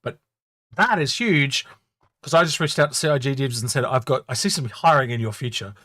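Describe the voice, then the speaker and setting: A man co-hosting a casual gaming chat, animated and quick to laugh. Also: medium pitch, dry recording, clean studio sound. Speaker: co-host.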